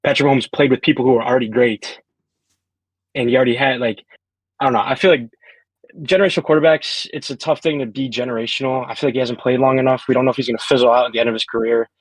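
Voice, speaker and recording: A man with a slightly husky voice argues his side in a loose live podcast debate, leaning on fillers and restarts. The sound is dry and close, with no room around it, as if through earbuds on a call. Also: mid-range voice, fairly even intonation, fast talker, no echo, poor audio. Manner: hesitant, filler-heavy, argumentative. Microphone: AirPods.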